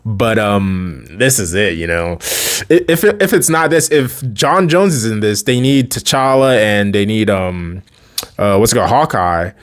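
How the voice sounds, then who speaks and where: A man's voice: lowish voice, expressive, a little slow. A man giving casual, rambling commentary as a fan video creator, often correcting himself mid-sentence and chuckling between thoughts.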